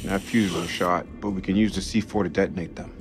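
An actor playing a deep-voiced practical soldier. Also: male voice, fairly even intonation, brisk, music in the background, lightly acted. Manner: matter-of-fact, briefing in soldier jargon. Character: steady, practical male soldier. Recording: game dialogue over loud score.

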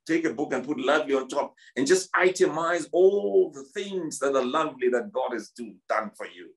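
Casting: South African male pastor, 50s, high-pitched, emphatic church sermon with stammered repeats. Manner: repetitive, emphatic preaching with stammered restarts.

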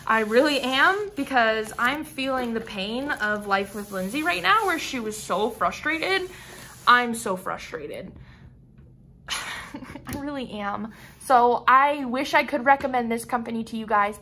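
Bright-voiced frustrated woman vlogger. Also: fairly high pitch, moderate pace, hardly any pauses, a little hiss or hum. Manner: frustrated, sighing, rambling with restarts. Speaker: crafting vlogger. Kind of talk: casual unboxing vlog.

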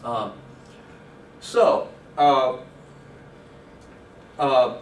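A man giving an academic lecture on linguistics, halting often with fillers and restarts. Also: medium pitch, lively intonation, a little hiss or hum. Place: lecture room. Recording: echoey room from far off.

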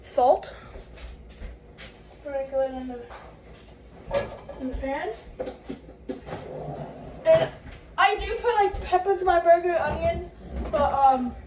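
A woman with a high-pitched voice and the hiccups gives a casual cooking tutorial in her home kitchen, chatty and rambling and correcting herself as she goes. Heavy background noise fills the recording.

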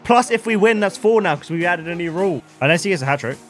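A young man commentating on his own video game as a streamer, with bursts of shouting hype and quiet muttered asides. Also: high-pitched, animated, fast, faint music behind. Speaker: gaming streamer.

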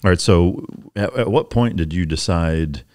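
A man hosting a podcast, asking questions in a relaxed, blunt way and swearing casually. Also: low voice, normal speed. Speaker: podcast host. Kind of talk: casual interview chat.

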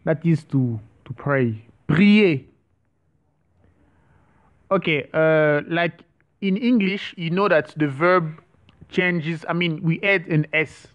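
Man, French teacher, slow deliberate delivery, repeats words, slightly dull lo-fi audio. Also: fairly high pitch, fairly bright tone. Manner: hesitant, with frequent restarts. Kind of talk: online language lesson.

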